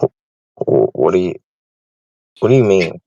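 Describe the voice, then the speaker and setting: A man with a lowish voice explains a technical method on an online call, probing first and then laying out each step. The audio is slightly dull, with a dry, close sound. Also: big pitch swings, measured pace, creaky, warm tone, no echo.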